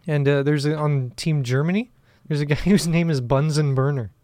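Male podcast co-host, giggly, crude banter, slightly high voice, dry close mic. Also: fairly even intonation, normal speed, mellow, dry recording. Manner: laughs often, loose and crude banter. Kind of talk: casual comedy chat.

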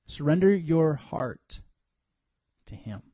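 A man preaching a sermon in an animated way, acting out what people think in church. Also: a little high, takes it slowly, husky, dry recording. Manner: animated, acts out congregants' inner voices. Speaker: pastor.

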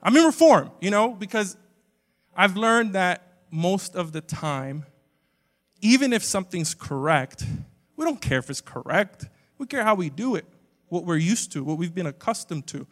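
A man preaching a humorous sermon to a congregation, animated and swinging between loud exclamations and quiet asides. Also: high voice, moderate pace. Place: church sanctuary with a live congregation. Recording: long hall reverb from a church sanctuary.

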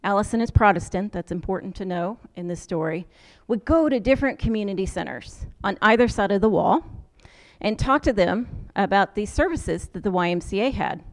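An American woman in a conversational lecture, telling stories from her travels as a social worker. Her voice sits at an ordinary middle pitch, and she talks easily, slipping into lively voices to quote people. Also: brisk. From United States. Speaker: social work professor. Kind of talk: storytelling lecture.

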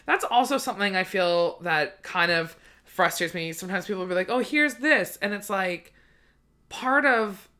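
A woman's voice: lowish voice, expressive, normal speed, sharp tone. A woman from British Columbia, Canada, co-hosting a comedy podcast in a chatty, sarcastic way and swearing freely. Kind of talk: casual chat.

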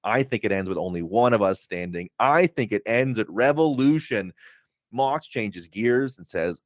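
A man with a fairly low voice talks through a wrestling show in casual chat. He often slips into the wrestlers' lines as he retells them. The sound is dry and close, with no room in it. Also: animated, normal speed, no room sound. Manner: recounts promos, acting out wrestlers' lines. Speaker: wrestling podcast co-host.

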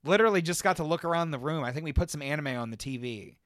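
A man's voice: on the high side, racing, no echo, studio quality. A young man co-hosting a podcast, telling a long story in casual, profane chat and acting out what people said. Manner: animated, profane, acts out quoted dialogue. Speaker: podcast co-host.

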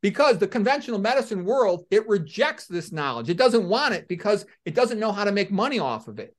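A middle-aged man, a doctor, giving blunt, animated opinions in an interview and acting out little scenes. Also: high voice, brisk. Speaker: medical doctor guest.

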